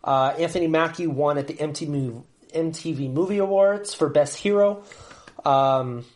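A man's voice: a little high, normal speed, a little mellow. A man co-hosting a podcast in casual chat, often cutting in and restarting as he searches for names. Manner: talks over others, restarts and blanks on names. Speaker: podcast co-host.

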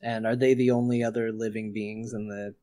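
A man's voice: lowish voice, flat delivery, brisk, warm tone. A man playing a tabletop game, asking careful questions of the game master. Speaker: player.

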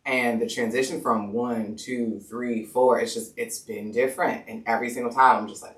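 A woman telling her birth story in casual chat, an animated storyteller who acts out quotes and laughs often. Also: a bass voice, moderate pace, hardly any pauses. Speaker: podcast guest. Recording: echoey room, mic at a distance.

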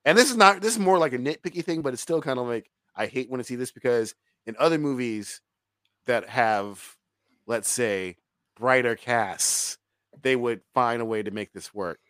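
A man co-hosting a casual film review podcast, talking in an animated, profane way and laughing often. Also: mid-range voice, moderate pace, dry recording.

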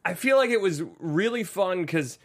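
A man's voice: high-pitched, normal speed. A man co-hosting a podcast, chatting casually and joking around, with plenty of fillers. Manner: animated, jokey, lots of fillers. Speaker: podcast co-host. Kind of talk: casual chat.

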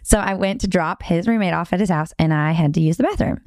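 A smooth-voiced young woman telling a story. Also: on the low side, no echo, studio quality. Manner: animated and quick, often laughing mid-story. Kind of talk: casual storytelling chat.

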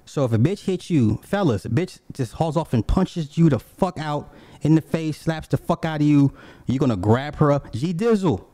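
A man hosts a podcast with a mellow, dark voice. He tells blunt, profane stories and keeps breaking off into asides. The sound is close and dry, with no room echo. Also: a little high, normal speed. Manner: blunt, animated storytelling with frequent asides. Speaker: podcast host. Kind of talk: casual profane commentary.

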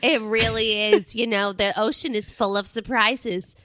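A woman putting on a brash, shameless older celebrity woman, bragging in a deadpan, mock-serious way. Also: medium pitch, normal speed, natural voice.

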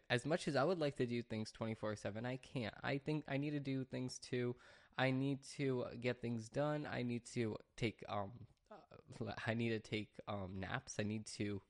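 A man's voice: medium pitch, moderate pace. This is a man hosting his own podcast from a home studio. He talks in a loose, rambling monologue, full of restarts and little detours before he finds his point again. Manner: rambling, chatty, restarts and sidetracks. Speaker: podcast host. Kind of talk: casual solo podcast monologue.

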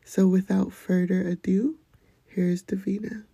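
A woman hosting a podcast, speaking gently and often slipping into a breathy near-whisper as she shares encouragement and poetry. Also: mid-range voice, flat delivery, unhurried, dry recording. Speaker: podcast host. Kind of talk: gentle motivational talk and poetry reading.

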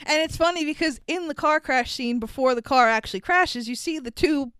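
A young woman co-hosting a casual movie podcast, animated and swearing freely. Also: sits high, a little fast, no room sound. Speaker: podcast co-host.

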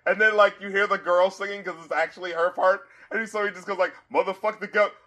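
Excitable profane man reviewing rap albums. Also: high-pitched, quick pace. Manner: animated, profane, quotes lyrics aloud, laughs often. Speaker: album review podcast host. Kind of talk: casual review chat.

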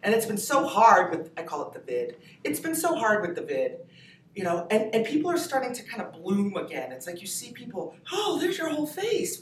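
A comedian woman in her fifties from New Hampshire, telling stories in a lively, laughing way as a podcast guest. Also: on the low side, slight background noise. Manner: animated, laughing storyteller. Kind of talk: podcast interview. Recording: echoey room, distant mic, faint ambience.

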